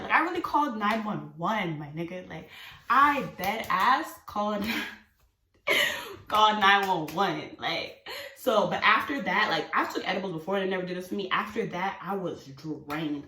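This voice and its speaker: A woman's voice: medium pitch, moderate pace, slight background noise. Roomy, distant woman telling a story. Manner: animated, swears freely, acts out her own panic. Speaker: vlogger. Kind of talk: casual storytime monologue. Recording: roomy sound from away from the mic.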